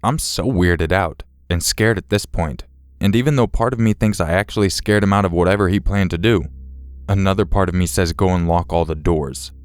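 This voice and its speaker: Male narrator for scripted horror stories, very deep, smooth and dry, measured delivery. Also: no room sound. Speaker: story narrator.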